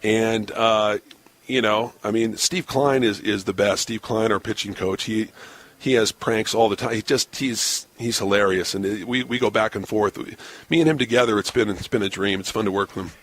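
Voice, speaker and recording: A man in his forties, a baseball broadcaster, telling lively stories in a casual podcast interview and laughing often. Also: fairly low pitch, moderate pace. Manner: animated storyteller, laughs often, acts out quotes.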